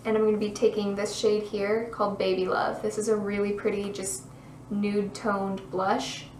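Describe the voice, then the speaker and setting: A young woman talking through a makeup tutorial in a chatty, bubbly way, her voice a little hoarse. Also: medium pitch, level tone, moderate pace, darkish tone, reverberant, recorded from a distance, a little hiss or hum, low-quality recording. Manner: chatty, bubbly, self-deprecating asides. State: losing her voice, slightly hoarse. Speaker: beauty vlogger.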